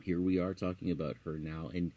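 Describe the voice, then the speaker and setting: A man co-hosting a podcast in casual chat, chatty and quick to laugh, from Canada. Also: low voice, flat delivery, warm tone. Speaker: podcast co-host.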